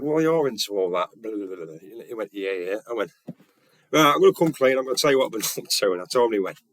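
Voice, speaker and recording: A man's voice: medium pitch, vocal fry, no echo. A man telling a story in a casual monologue, retelling conversations bluntly and earnestly. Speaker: vlogger.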